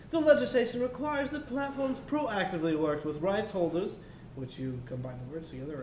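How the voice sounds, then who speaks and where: High-voiced man with casual profanity. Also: brisk, a little mellow. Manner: profane, offhand, reads in a mock posh voice. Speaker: co-host. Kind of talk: casual news chat, reading articles aloud. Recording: echoey room with faint rumble.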